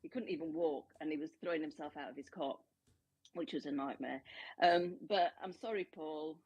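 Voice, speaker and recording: Low, husky woman in her forties. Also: normal speed, darkish tone, no room sound, poor audio. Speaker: caller. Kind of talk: casual chat.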